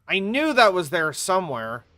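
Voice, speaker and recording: A woman's voice: lowish voice, sing-song, normal speed, fairly bright tone, dry recording, soft background music. Sick, chatty woman game streamer. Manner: chatty, rambling, swears casually. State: coming down with a sore throat, coughing. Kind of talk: live gameplay commentary.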